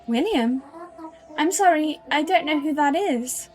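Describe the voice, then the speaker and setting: A woman voicing a gentle young woman who apologizes and soothes a caller, over faint music. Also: high voice, unhurried, pitched above the performer's own voice. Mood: apologetic. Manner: soft, apologetic, calming.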